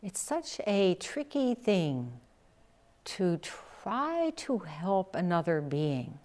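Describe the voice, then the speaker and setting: A woman Zen teacher giving a dharma talk, telling a story slowly and reflectively and acting out the quotes. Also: lowish voice, big pitch swings, darkish tone.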